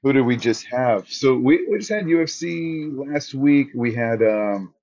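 A man's voice: mid-range voice, lively intonation, measured pace, a little mellow, dull audio. A man, a ring announcer, telling stories in a casual interview and acting out his own quotes with a raised voice.

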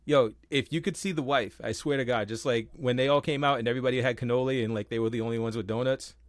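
Animated young man, dry close sound. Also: medium pitch, quick pace, no echo. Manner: animated storyteller, acts out quotes, swears casually. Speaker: podcast co-host. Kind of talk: casual podcast chat.

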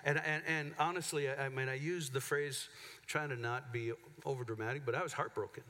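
A pastor speaking candidly in a sermon, halting and emotional as he tells a personal story with many restarts. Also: mid-range voice, steady tone, pushed and bright. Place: church sanctuary. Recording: church hall with long reverb.

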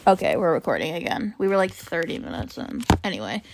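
A woman's voice: on the low side, big pitch swings, quick pace, background noise. A young woman hosting a casual chat with a friend, talking in a loose, chatty way with lots of fillers and laughter. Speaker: podcast host.

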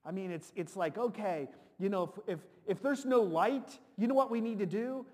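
Male preacher, high pitch, animated and repetitive delivery, reverberant sanctuary. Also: normal speed. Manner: animated, repeats words, shouts to dramatize. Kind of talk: sermon. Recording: long reverb of a large hall.

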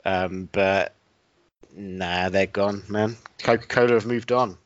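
A man with a lowish voice hosts a loose comedy podcast, delivering invented stories with a straight face. The sound is dry and close, with a slightly dull, lo-fi tone. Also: slow, no room sound. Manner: deadpan absurd storytelling. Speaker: podcast host. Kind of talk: casual comedic chat.

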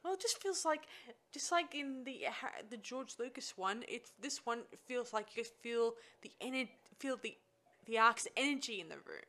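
A woman with a bright, clear tone excitedly walking through a film's plot. She rambles a little and pauses on fillers as she talks. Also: fairly high pitch. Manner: enthusiastic, rambling with restarts and fillers. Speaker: co-host recapping a film. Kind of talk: casual chat.

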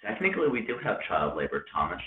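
A man's voice: on the low side, wildly swooping pitch, quick pace. A man co-hosting a casual podcast, self-deprecating and playful. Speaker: podcast co-host. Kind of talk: casual chat. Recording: tinny phone-like, roomy.

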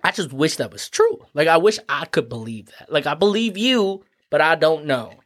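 A man's voice: on the high side, expressive, normal speed, a bit bright. A man voicing a doubting, heartbroken female donkey in a slightly raised, hesitant voice. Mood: plaintive. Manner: hesitant, plaintive.

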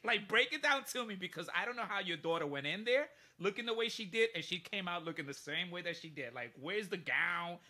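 Guy chatting casually, bright voice, swears a lot, keeps laughing at his own story. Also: fairly high pitch. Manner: animated, profane, laughs through his stories.

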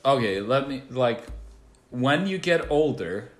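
A man co-hosting a podcast teases his partner with sardonic jokes. His voice swings widely in pitch as he talks. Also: expressive, takes it slowly. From Iceland. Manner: teasing, sardonic. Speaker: podcast co-host. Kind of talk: casual chat.

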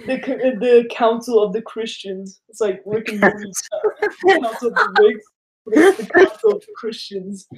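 A man's voice: extremely high pitch, expressive, moderate pace, crowd noise. A teenage guy from Denmark co-hosting a podcast, chatting loosely, giggling and swearing often. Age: teens. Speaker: podcast co-host. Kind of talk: casual chat.

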